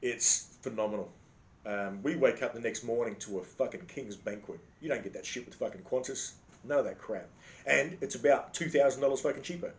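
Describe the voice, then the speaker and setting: A brisk, medium-pitched Australian man, a comedic storyteller, tells a profane comic anecdote dripping with sarcasm. He swears bluntly and constantly, and the recording carries a roomy echo.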